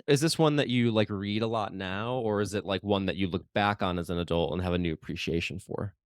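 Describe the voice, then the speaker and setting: A man's voice: low-pitched, brisk, clean tone, no echo, clean studio sound. A man co-hosting a podcast in casual chat, laughing often and making playful quips. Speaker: podcast co-host.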